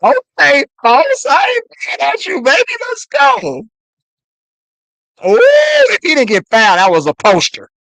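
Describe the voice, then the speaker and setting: A man calling a basketball game live as a fan on a stream, swearing and yelling at the players between play-by-play. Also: very high voice, measured pace, gravelly, no room sound. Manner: excited, profane trash talk at players. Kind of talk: fan play-by-play watch-along.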